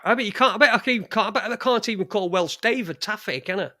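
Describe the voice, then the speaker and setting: A man's voice: high-pitched, quick pace, sharp tone, no room sound, clean studio sound. A middle-aged man with a Yorkshire accent, hosting a casual livestream with rambling, crude, joking chat. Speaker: livestream host. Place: home studio in front of a green screen.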